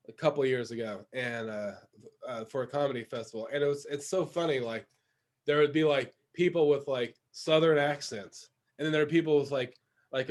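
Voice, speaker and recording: Man, comedian co-host, high voice, rambling casual talk, lots of fillers. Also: darkish tone. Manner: rambling with fillers, laughs often.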